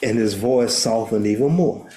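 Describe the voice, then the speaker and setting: A man's voice: fairly low pitch, normal speed, dark tone. Older man, earnest storyteller, roomy sound. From United States. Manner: earnest, repeats words while restarting. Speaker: guest, therapist and minister. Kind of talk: storytelling interview. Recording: roomy echo.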